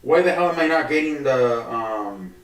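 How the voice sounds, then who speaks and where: A man's voice: medium pitch, lively intonation, moderate pace. Cursing, rambling man in an echoey room. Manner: swearing, frustrated, rambling with restarts. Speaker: podcast host. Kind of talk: casual solo sports talk. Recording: echoey room, distant from the mic.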